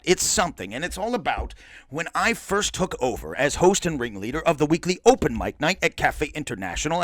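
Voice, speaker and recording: Brief: middle-aged man, podcast host, lively swooping delivery, bright tone, profane asides. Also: a little high, no echo. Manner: boisterous, profane, rambling asides. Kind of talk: casual storytelling monologue.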